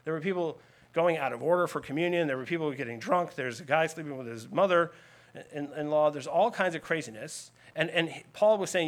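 A man's voice: fairly high pitch, fairly quick. A man preaching a sermon, explaining scripture in an earnest teaching tone with emphatic lists. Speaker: pastor.

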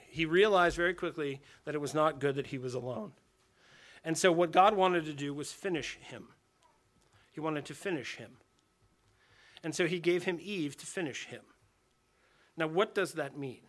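Speaking to a group of men, a pastor with a wife and daughter delivers a conversational sermon, posing rhetorical questions and saying phrases twice. His fairly high voice sounds pushed and bright, at normal speed with long pauses.

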